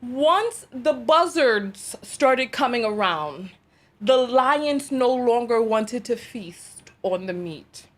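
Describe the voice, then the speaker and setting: A woman's voice: fairly high pitch, expressive, takes it slowly. A woman hosting a reaction video, commenting in an exasperated, dramatic way and laughing through it.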